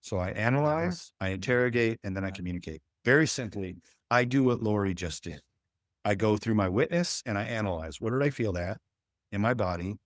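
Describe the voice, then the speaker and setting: A man with a lowish voice coaches couples before a live audience. He talks in a folksy way and slips into little acted-out exchanges. The sound is dry and close. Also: lively intonation, a little fast, no room sound. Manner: folksy, acts out quoted dialogue. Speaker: relationship coach. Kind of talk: workshop talk to a live audience.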